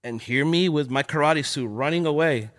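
A man's voice: fairly high pitch, normal speed. A young man from Los Angeles telling street stories in casual chat, acting out voices as he goes. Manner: animated, acts out voices in stories. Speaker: guest. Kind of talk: casual storytelling.

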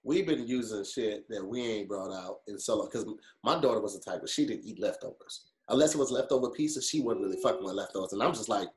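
A man's voice: on the low side, lively intonation, quick pace, few pauses, roomy sound. A man in a casual video-call chat, eagerly explaining things step by step over an unstable connection.

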